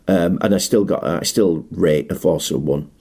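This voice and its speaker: A middle-aged martial arts film specialist presents a film tribute in a chatty, enthusiastic, rambling monologue. His low voice is creaky and dark in tone, moving at a moderate pace.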